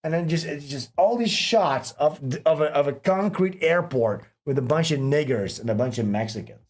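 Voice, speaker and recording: A man's voice: fairly high pitch, lively intonation, moderate pace. A man hosting a livestream, telling long, rambling stories with lots of swearing, in casual chat. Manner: rambling, profane storytelling. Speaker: livestream host.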